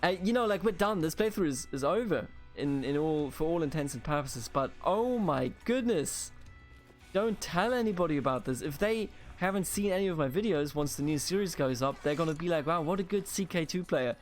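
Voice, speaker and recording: A slightly high-voiced man from Germany talks through his strategy game, swearing and muttering in exasperation. He mocks his own blunders to the viewer. Soft game music plays underneath. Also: expressive, a little fast. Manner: exasperated, swearing, self-mocking muttering to himself. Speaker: gaming video host. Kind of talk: let's play commentary.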